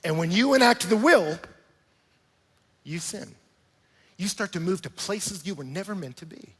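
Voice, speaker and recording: A man preaching a sermon to a church congregation, animated and full of rhetorical questions, sometimes acting out little scenes. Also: high-pitched, unhurried, breathy edge, big-room sound. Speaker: pastor.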